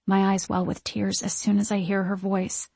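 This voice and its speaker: Woman audiobook narrator, first person, expressive; husky voice, dry close recording. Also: mid-range voice, normal speed, dry recording.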